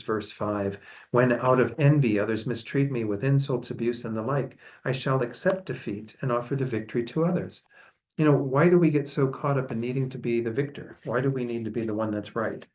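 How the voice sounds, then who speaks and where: A man, a Buddhist teacher, giving a relaxed, chatty dharma talk with frequent laughs. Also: on the low side. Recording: dull lo-fi sound.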